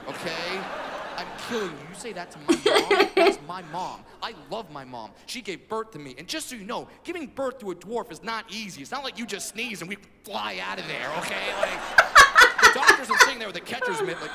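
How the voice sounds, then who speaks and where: A man performing a stand-up comedy set, telling stories with animated delivery and shouted punchlines. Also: high-pitched, brisk, vocal fry. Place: stage in a comedy venue. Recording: echoey venue recording with noise.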